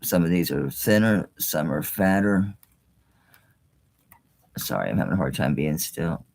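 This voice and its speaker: A woman's voice: extremely low pitch, a little slow, a little mellow. A middle-aged woman hosting a live jewelry sale, chatty and exclaiming, with mild swearing. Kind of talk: casual live-stream sales talk.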